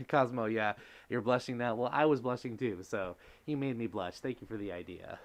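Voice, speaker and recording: A man's voice: medium pitch, moderate pace. A man hosting a casual live stream, reading chat comments aloud and reacting in an effusive, gushing way. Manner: gushing, effusive, exclaims often.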